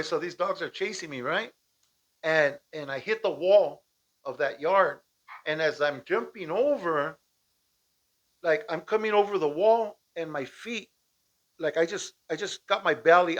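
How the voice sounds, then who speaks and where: Man, fairly high-pitched voice, casual storyteller, animated, keeps checking in with "right?", dull lo-fi home recording. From Southern California. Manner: animated, keeps asking "right?" and acts out shouted lines. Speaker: storyteller recounting a personal escape. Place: at home with dogs nearby.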